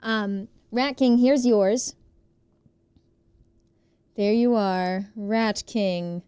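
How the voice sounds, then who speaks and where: Bubbly American woman streamer, crisp dry voice. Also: medium pitch, darkish tone, no echo. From United States. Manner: bubbly, chatty, greets viewers by name. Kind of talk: casual live-stream chat.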